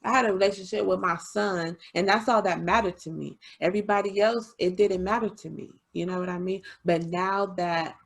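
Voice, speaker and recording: A woman hosting a casual podcast chat, confiding and chatty, often laughing and adding quick asides. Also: medium pitch, fairly even intonation, gravelly. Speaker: podcast host.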